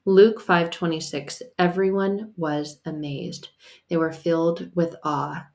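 A woman's voice: fairly low pitch, steady tone, slow, a little mellow. A woman hosting a solo faith podcast, talking in a casual, emphatic and playful way with the odd curse word. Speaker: podcast host and faith coach.

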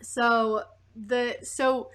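A woman interviewer with a somewhat high voice asks curious questions. She jumps in with quick follow-ups while her guest talks. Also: flat delivery, a bit bright, smooth.

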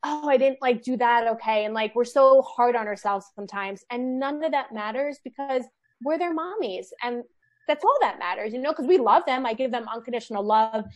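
A woman in her thirties, a mother and book author, telling stories in a casual, animated way full of "like" fillers. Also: on the high side, a little fast. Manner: animated storyteller, lots of "like" fillers. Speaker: guest, children's book author. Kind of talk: casual podcast chat.

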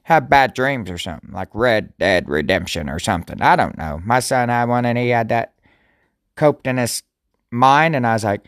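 A man's voice: mid-range voice, animated, moderate pace, fairly bright tone, no echo, studio quality. A man casually reading Bible verses and commenting, rambling and joking, often stumbling over words. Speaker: devotional vlogger.

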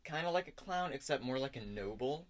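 A man's voice: mid-range voice, lively intonation, fairly quick. A man narrating as game master in a tabletop game, talking casually and hesitantly with lots of fillers. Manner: hesitant, many fillers and likes.

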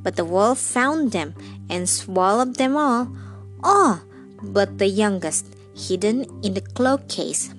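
Slow gentle woman storyteller. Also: medium pitch, lively intonation, soft background music. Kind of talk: storybook reading.

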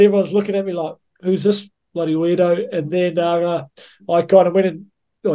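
A man's voice: sits high, dark tone. A man, a rugby coach telling blunt, sweary stories as a podcast guest and calling everyone "mate". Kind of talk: casual anecdote-telling.

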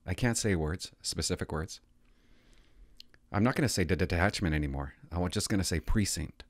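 A man's voice: low-pitched, normal speed, dry recording, studio quality. Older man rambling self-consciously to camera. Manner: self-conscious, stumbles over words, swears casually. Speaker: retired vlogger playing hotline calls.

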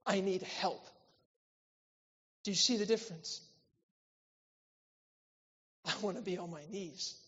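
A man preaching a church sermon, swinging between loud, emphatic lines and quiet, intimate ones. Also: high voice, measured pace, long pauses, husky. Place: church hall. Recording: reverberant hall, slightly dull sound.

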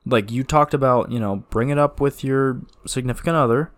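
A man co-hosting a casual podcast chat, animated and cursing freely, breaking into cartoonish sound effects. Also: medium pitch, brisk. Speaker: podcast co-host.

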